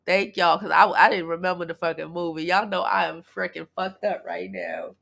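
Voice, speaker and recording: A woman in her thirties, from Brooklyn, hosting a casual livestream chat in a blunt, profane, animated way. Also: on the low side, moderate pace. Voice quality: gravelly, husky. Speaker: livestream host.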